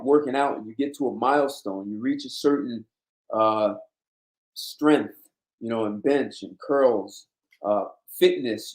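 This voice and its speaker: Man, host, blunt emphatic lecturing monologue, mid-pitched voice, echoey room. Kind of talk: casual monologue. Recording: roomy echo.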